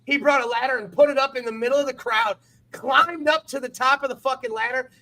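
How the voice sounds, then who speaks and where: Young dude on a podcast, high bright voice, hyped up, swears a bunch. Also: male voice, a little fast, creaky. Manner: excitable, swears a lot. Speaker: podcast co-host. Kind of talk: casual chat.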